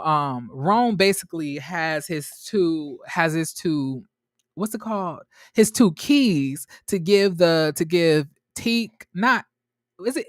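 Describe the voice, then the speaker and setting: A man's voice: fairly high pitch, no echo, clean studio sound. Chatty man recapping a TV episode. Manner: chatty and animated, talks straight to the audience; restarts and trails off a lot. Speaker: TV show reviewer. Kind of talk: casual episode recap to viewers.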